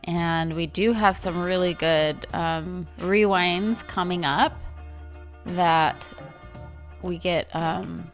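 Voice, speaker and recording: A woman co-hosting a podcast in casual chat, brisk and steering the conversation. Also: on the low side, steady tone, soft background music. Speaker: podcast co-host.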